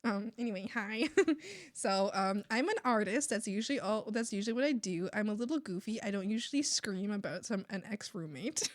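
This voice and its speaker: A young woman artist chatting casually on a livestream while drawing, rambling and animated, often swearing and laughing. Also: mid-range voice, brisk, dry recording, studio quality. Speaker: artist streamer.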